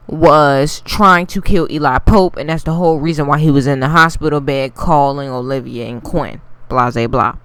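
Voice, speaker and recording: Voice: mid-range voice, normal speed, hardly any pauses, fairly bright tone, clean tone, no echo. Blunt, profane TV recap reviewer. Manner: addresses viewers directly.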